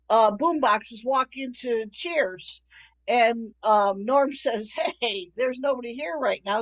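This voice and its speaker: A woman improv performer telling quick comedy bits in an improv game. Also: fairly high pitch, low-quality recording.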